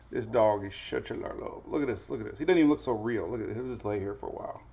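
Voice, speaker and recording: Gravelly laid-back weather streamer guy. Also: fairly low pitch, fast, few pauses, warm tone, a little hiss or hum. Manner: laid-back, chuckling, answers viewer comments. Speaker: weather livestream host. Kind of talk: casual live-stream chat.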